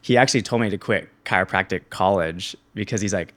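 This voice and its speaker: A man's voice: low voice, fast talker. Laughing young man telling a story. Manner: animated, laughs often, acts out quoted voices. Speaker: guest. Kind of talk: casual storytelling interview.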